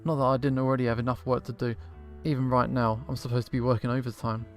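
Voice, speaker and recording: A sharp-tongued female dragon scientist from a visual novel, read aloud by a man, dry and dismissive in every line. The voice sits in a plain middle register. Soft game music hums underneath. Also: mid-range voice, little pitch movement, fast, close to an everyday voice. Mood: irritated. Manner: dry, sarcastic, dismissive reading.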